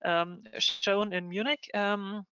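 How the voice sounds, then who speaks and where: A woman's voice: medium pitch, level tone, slow, noisy background. A woman moderating a project webinar online, speaking with many hesitant ums. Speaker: session moderator. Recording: dull lo-fi online call.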